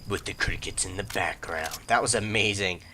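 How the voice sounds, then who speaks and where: A man's voice: moderate pace, pushed and bright, a little hiss or hum. A young man hosting a let's play, chatting casually over gameplay in a rambling, self-interrupting way. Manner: breaks into squeaky high mock voices.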